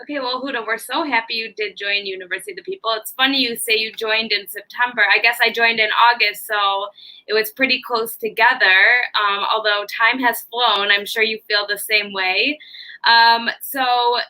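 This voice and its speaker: Woman, Chicago accent, high voice, very bright tone, upbeat host, online video call interview. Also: steady tone, normal speed, rough recording. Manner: upbeat, frequent um fillers.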